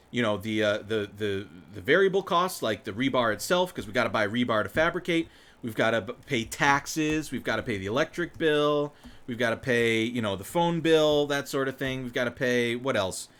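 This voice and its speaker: A man's voice: mid-range voice, fairly bright tone. A man hosting live political commentary, reading news aloud and breaking in with rambling, swearing asides and frequent laughs. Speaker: show host.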